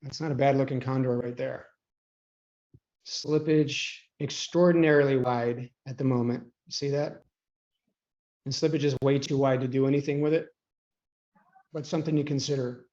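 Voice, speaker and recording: A man coaching traders on a live online call, chatty and often clearing his throat. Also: medium pitch, steady tone, normal speed, pauses often, a little mellow. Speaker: trading coach. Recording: dull lo-fi call audio.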